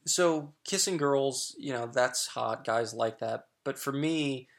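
A man's voice: medium pitch, slow, gravelly. A middle-aged man sharing candid personal stories as a guest, frank and chatty with lots of fillers and restarts.

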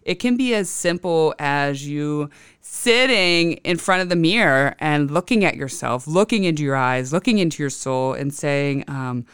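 Woman podcast host, 30s, rambling and chatty, very clear voice, dry close mic. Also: low-pitched, measured pace, a bit bright, no echo. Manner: chatty, rambling, laughs often. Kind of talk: casual solo podcast talk.

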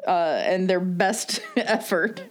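A woman's voice: on the low side, slow pace. Wry joking woman. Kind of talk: casual chat.

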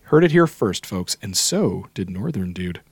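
A man's voice: deep voice, big pitch swings, measured pace, a little mellow, breathy edge, no echo, studio quality. A man from Canada with a Canadian accent, hosting a podcast in casual, self-deprecating chat. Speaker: podcast host.

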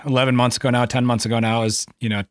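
A man hosting a podcast interview, relaxed and conversational as he steers toward the next topic. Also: mid-range voice, rapid-fire, no echo. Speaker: podcast host.

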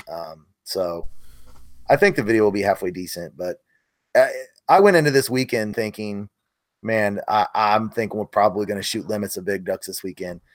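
A man's voice: on the low side, no echo, studio quality. Earnest middle-aged man telling a story. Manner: earnest, self-critical storytelling. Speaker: podcast co-host, hunting video maker. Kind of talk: casual chat.

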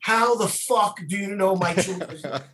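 A man acting out an angry husband from New York who shouts in disbelief, retelling a story from a show. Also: sits high, normal speed, echoey room, distant mic, voice pushed up. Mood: incredulous. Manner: incredulous shouting.

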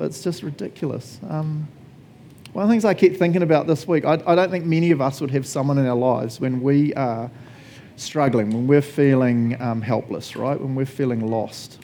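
A man's voice: fairly high pitch, mellow, a little hiss or hum. A male pastor preaching a sermon conversationally, laughing often and asking the congregation questions.

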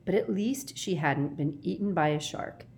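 A woman with a lowish voice reads a children's novel aloud, shaping each phrase with expressive storytelling. She paces the narration with clear, deliberate emphasis. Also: a little hiss or hum. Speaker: audiobook narrator. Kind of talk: audiobook reading.

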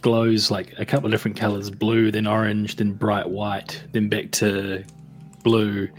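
A man's voice: on the low side, completely flat delivery, a little slow, faint music behind. A man playing a tabletop game, playful and searching for words as he describes a spell. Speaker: player. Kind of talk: casual tabletop game chat.

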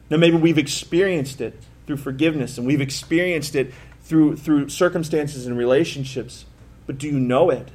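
A middle-aged man, a pastor, preaching a sermon in a conversational, self-deprecating way with emphatic bursts. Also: fairly high pitch. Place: church sanctuary.

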